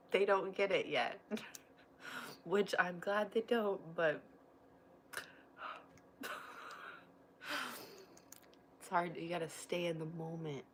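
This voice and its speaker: A woman's voice: on the low side, slow pace, long pauses, slight background noise, low-quality recording. A woman in her thirties hosting a casual livestream, chatty and emotional, laughing often as she rambles to her viewers. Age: 30s. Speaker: livestream host and mother. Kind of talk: casual livestream chat, reading viewer comments.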